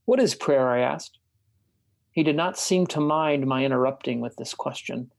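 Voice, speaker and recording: Man, podcast co-host, reflective reader; measured, slows on key words. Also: medium pitch, gravelly. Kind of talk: casual chat and reading a book passage aloud.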